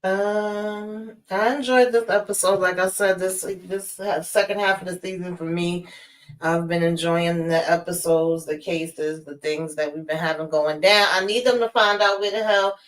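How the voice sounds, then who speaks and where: A woman's voice: fairly low pitch, fairly even intonation, normal speed, poor audio. Casual guest: a chatty woman giving her take, then plugging shows with a sing-song sign-off. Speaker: guest reviewer. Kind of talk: casual live-stream chat.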